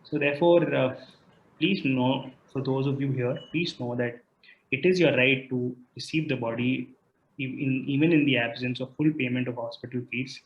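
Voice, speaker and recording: A man's voice: mid-range voice, fairly even intonation, normal speed, roomy sound. Man explaining rights over a muffled video call. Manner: hesitant, many restarts and fillers. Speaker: legal expert guest. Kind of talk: explaining legal rights in a live online Q&A.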